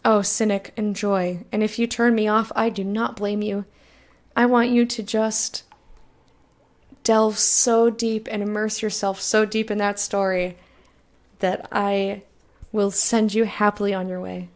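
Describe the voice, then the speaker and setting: Her voice sits in the mid-range, level in tone and a little slow. She's a streamer reading game text aloud during a casual let's-play, chatting frankly with viewers and swearing liberally.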